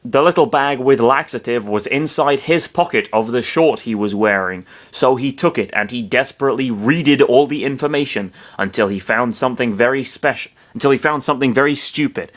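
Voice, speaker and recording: A man's voice: mid-range voice, a little fast, few pauses. Man, fan fiction reader, sarcastic asides, mutters, swears. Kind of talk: reading fan fiction aloud with commentary.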